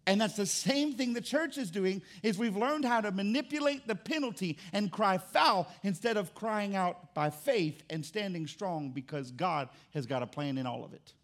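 Male pastor with a high-pitched voice delivering an emphatic, humorous sermon. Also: animated, normal speed, hardly any pauses. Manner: emphatic, jokey preaching with rising exclamations.

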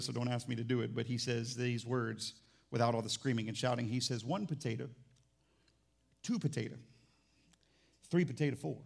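A man, a pastor, preaching a sermon in church, animated and conversational, teasing the congregation and swinging between quiet asides and loud emphatic lines. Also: medium pitch, gravelly.

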